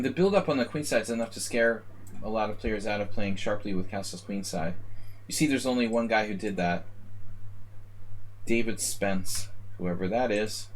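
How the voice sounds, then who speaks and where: A man's voice: on the low side, slight background noise. A man streaming live chess analysis, rambling and joking at his own expense while calling out moves, a little tipsy from a beer. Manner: rambling, self-mocking, calls out moves in chess notation.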